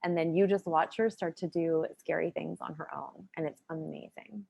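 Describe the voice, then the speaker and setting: A woman's voice: deep voice, steady tone, moderate pace, creaky, darkish tone, breathy edge. A woman guest educator in a video-call interview, speaking earnestly and giving advice about raising girls. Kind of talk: conversational interview.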